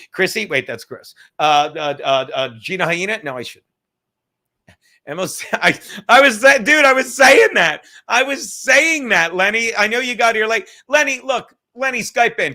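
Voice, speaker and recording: Man, high voice, bright tone, live stream host, loud, rambling, profane. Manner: loud, rambling, profane, jumps between topics. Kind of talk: casual live stream rant.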